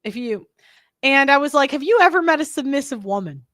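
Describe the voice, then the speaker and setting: A woman's voice: high voice, animated, fairly quick, a bit bright, dry recording, studio quality. A young woman hosting a podcast, talking in a blunt, rambling, casual way with lots of fillers and restarts. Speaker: podcast host. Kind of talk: casual opinionated monologue.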